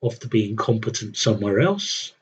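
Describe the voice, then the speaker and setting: A man's voice: fairly low pitch, very animated, brisk, slightly rough, muffled recording. A young man streaming a strategy game, thinking aloud with wry, muttered commentary. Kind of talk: casual live gameplay commentary.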